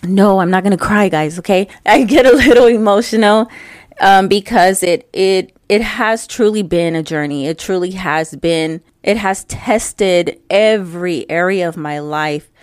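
A woman's voice: lowish voice, unhurried, few pauses, clean tone, no room sound, clean studio sound. A woman hosting her own podcast, talking to her listeners in a chatty, personal way. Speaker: podcast host. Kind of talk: casual podcast monologue.

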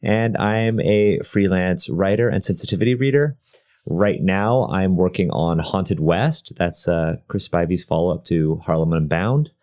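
Deep-voiced game designer guest. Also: male voice, unhurried. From Canada. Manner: relaxed, rambling with fillers. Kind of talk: casual interview chat.

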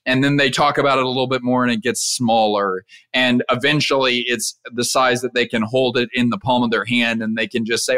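A young adult man talking as a podcast guest, animated and quick to laugh. His voice is bright and forward, and the sound is dry and close to the mic. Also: medium pitch, no echo. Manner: animated storyteller, laughs often. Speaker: podcast guest, leadership speaker. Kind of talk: casual interview.

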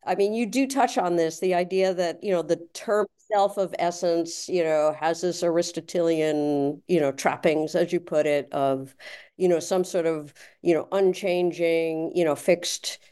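A woman's voice: lowish voice, steady tone, unhurried, dark tone, clean tone. A woman interviewing an author, asking long rambling questions packed with fillers. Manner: rambling, full of "you know" fillers.

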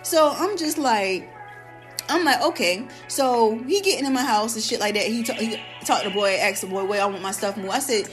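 Animated, high-voiced woman telling a story. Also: moderate pace, faint music behind. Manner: animated, profane, acts out quoted lines. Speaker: podcast host. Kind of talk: casual storytelling rant.

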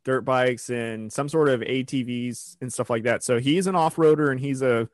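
Casting: male co-host, rambling chatty storyteller, mid-pitched, dry close mic. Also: moderate pace, no echo. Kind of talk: casual chat.

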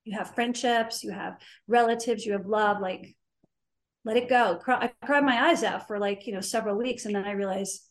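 A woman's voice: medium pitch, moderate pace. Chatty woman from New Jersey, roomy sound. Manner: candid, rambling, emphatic, with many fillers. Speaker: guest. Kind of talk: casual chat. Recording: roomy echo.

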